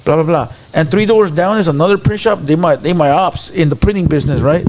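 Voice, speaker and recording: A man's voice: on the high side, fast, darkish tone. A man hosting a late-night talk show, telling stories brashly and profanely, slipping Spanish into his slang and acting out what others said. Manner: gruff storyteller who acts out quotes. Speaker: show host.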